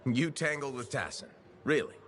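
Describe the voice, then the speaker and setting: An actor playing a deadpan, teasing mercenary hero in video game dialogue. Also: male voice, medium pitch, moderate pace, a little hiss or hum, close to an everyday voice. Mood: dry. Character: dry-witted male mercenary hero.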